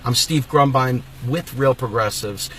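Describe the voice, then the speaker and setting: A man hosting his own political channel, delivering an angry, emphatic rant and sometimes shouting. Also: medium pitch, a little slow, a little hiss or hum. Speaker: host of a political video channel. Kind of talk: impassioned political rant to camera.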